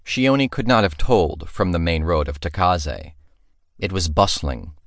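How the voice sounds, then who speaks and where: A man narrating a fantasy audiobook in a measured storytelling manner, recorded in a studio. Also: sits low, lively intonation, no echo.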